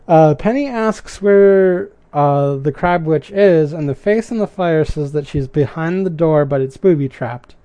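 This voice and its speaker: A man's voice: on the high side, warm tone, no room sound. A man giving a casual recap of a show's episode, adding chatty asides and his own opinions. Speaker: show recapper.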